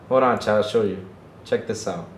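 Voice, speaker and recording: Excitable male streamer in an echoey room. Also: fairly low pitch, slight background noise. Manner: excitable, repeats himself, talks to chat. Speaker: podcast host streaming to chat. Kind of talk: casual livestream chat.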